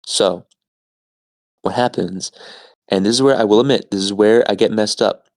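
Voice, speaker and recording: A man's voice: fairly low pitch, moderate pace, darkish tone, no room sound. A man hosting a podcast, retelling a film scene in a loose, rambling way with many fillers. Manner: casual, filler-heavy, rambling. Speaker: podcast host.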